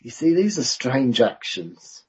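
A man preaching a sermon in a church, measured and conversational with self-aware asides. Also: mid-range voice, sing-song, a little mellow, slightly rough. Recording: dull lo-fi recording.

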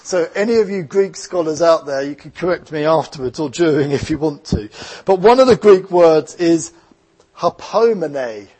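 A man's voice: on the high side, moderate pace, dark tone. A man with an Essex English accent preaching a sermon as a pastor, earnest and reflective, mixing scripture with personal stories.

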